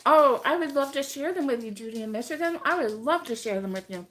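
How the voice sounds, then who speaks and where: A middle-aged woman hosting a casual crochet live stream, chatting with viewers by name and laughing often, her voice still hoarse from being sick. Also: sits high, lively intonation, quick pace, fairly bright tone, a little hiss or hum. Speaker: crochet channel host.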